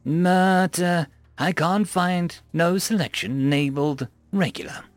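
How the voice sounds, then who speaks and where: A man's voice: high voice, slow, dry recording, faint music behind. A man voicing a smug, overly polite male food-dispenser machine in a story reading. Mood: prim. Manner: prim, customer-service politeness, sly. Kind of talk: story narration.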